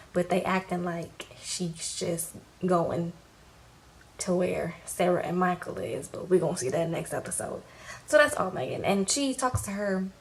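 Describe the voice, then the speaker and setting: A woman's voice: lowish voice, gravelly, low-quality recording. Chatty woman recapping a TV episode. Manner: animated, slangy, acts out quotes. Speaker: TV recap vlogger. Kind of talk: casual recap with acted quotes.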